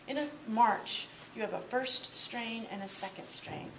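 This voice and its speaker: A woman's voice: on the high side, measured pace, recorded from a distance, noisy background. A woman teaching a percussion lesson, explaining patiently step by step with small fillers. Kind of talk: instructional demonstration. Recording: echoey room, voice off-mic, with drumming.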